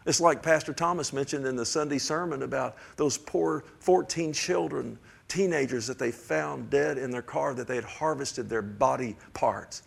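An older man delivers a sermon in a gravelly, mid-pitched voice. He talks in a folksy, rambling way, dropping to near-hushed tones and then rising to loud emphasis, and keeps checking in with the congregation. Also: normal speed, few pauses. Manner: folksy, rambling storytelling with frequent "amen?" to the congregation. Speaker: preacher.

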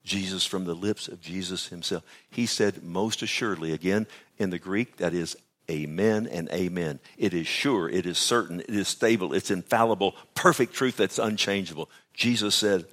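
A man preaching a sermon at an early church service, telling a personal story and then praying, swinging from loud exclamations to hushed whispers. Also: fairly low pitch, a little slow. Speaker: pastor.

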